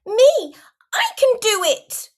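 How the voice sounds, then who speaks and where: Woman putting on a shrill, demanding little girl. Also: sing-song, takes it slowly, exaggerated voice. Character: stubborn little girl throwing tantrums.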